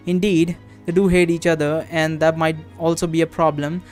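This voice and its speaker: A haughty, scheming dark elf noblewoman, as a man reads her part in a text adventure, speaking with a cutting, scornful edge. The voice sits fairly high. Faint music plays behind. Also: flat delivery, moderate pace, natural voice. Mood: measured.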